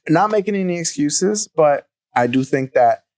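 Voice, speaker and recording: A man co-hosting a podcast, giving a candid fight recap in a measured way with frequent hesitations. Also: a little high, lively intonation, darkish tone. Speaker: podcast co-host. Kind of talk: casual fight recap chat.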